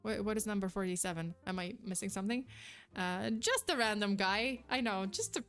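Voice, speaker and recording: A young woman chatting casually on a live stream, reacting to chat with quick, giggly, animated replies. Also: mid-range voice, soft background music.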